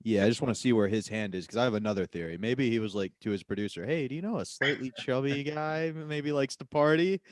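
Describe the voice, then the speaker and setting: A man riffing comedic theories on a podcast, animated and joking. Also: mid-range voice, quick pace, hardly any pauses, no room sound, clean studio sound. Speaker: guest comedian. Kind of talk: comedic banter.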